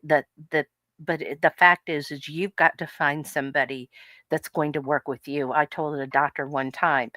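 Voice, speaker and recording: Low-voiced woman, animated podcast co-host. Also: a little slow, no echo. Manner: animated storyteller, laughs often, acts out quotes. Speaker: podcast co-host and health coach. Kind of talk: casual podcast chat. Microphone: podcast microphone.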